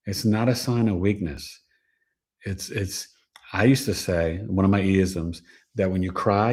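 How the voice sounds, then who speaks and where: A man hosting a casual astrology livestream, giving animated, preachy advice with plenty of slang. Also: deep voice. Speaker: astrologer and show host.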